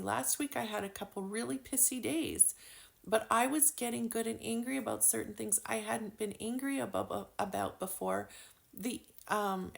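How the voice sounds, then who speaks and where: A woman's voice: medium pitch, creaky. A woman giving a casual spiritual lesson with oracle cards, chatty and full of fillers, swearing now and then. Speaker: spiritual card reader.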